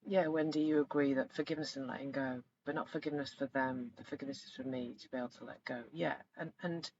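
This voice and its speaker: A middle-aged woman coaching in a live online session, speaking reflectively and gently and growing animated when she retells stories. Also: rumbling low, fast. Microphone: video call. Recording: slightly dull lo-fi sound with faint noise.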